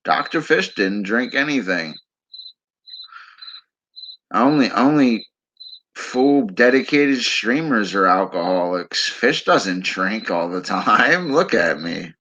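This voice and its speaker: A man's voice: lowish voice, expressive, takes it slowly, pushed and bright. A man chatting casually on a late-night livestream, rambling and teasing his viewers with frequent chuckles. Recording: slightly dull lo-fi stream audio. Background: crickets chirping.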